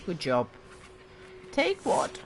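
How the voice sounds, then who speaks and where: Slow-talking woman commenting on her game. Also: fairly low pitch, wildly swooping pitch, gravelly, very noisy. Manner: chatty, self-mocking, talks to game characters. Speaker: let's play host. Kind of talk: casual gameplay commentary.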